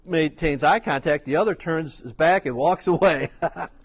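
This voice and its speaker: A man's voice: on the high side, normal speed. A middle-aged man preaching a sermon as pastor, telling stories with chatty asides. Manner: storytelling, conversational asides.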